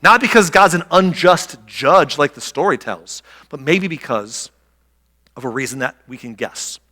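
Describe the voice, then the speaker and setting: A middle-aged man preaching a sermon as a pastor, telling stories and acting out quotes with animated energy. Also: a little high, measured pace, big-room sound. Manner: animated storytelling, acts out quotes. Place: church sanctuary.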